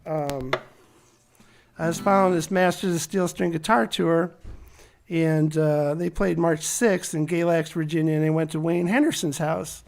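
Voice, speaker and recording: A man who sings and plays guitar, bantering loosely between songs on a live stage and trailing off into quiet, joking asides. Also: fairly high pitch, steady tone, measured pace, gravelly. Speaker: band singer and guitarist. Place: live stage at a barn music venue. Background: guitar strumming under the talk.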